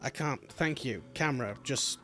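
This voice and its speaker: A man with a mid-range, slightly bright voice talks at a normal speed, with a little hiss or hum on the recording. He's streaming a video game, giving casual, rambling let's-play commentary full of jokes and remarks aimed at both the game and the camera. Game music plays in the background.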